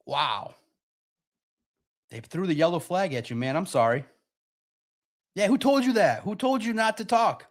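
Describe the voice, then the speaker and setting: This is live sports commentary from a young adult male podcast host whose voice sits high. His delivery is energetic and fast, with frequent false starts as he restarts sentences.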